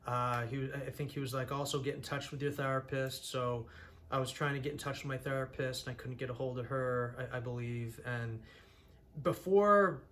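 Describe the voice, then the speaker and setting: A man's voice: medium pitch, normal speed, a bit bright, slight background noise. A young man from Massachusetts, telling his own story in an earnest, rambling way with frequent restarts. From Massachusetts, USA. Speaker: channel host sharing his own story. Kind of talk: candid personal storytelling.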